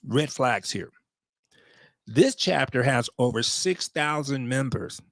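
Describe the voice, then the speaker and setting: A man's voice: mid-range voice, lively intonation, takes it slowly, dry recording. Middle-aged vet guy venting on camera, cussing a lot, dry close sound. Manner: blunt and profane, with emotional asides. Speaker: veteran vlogger. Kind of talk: casual storytelling to viewers.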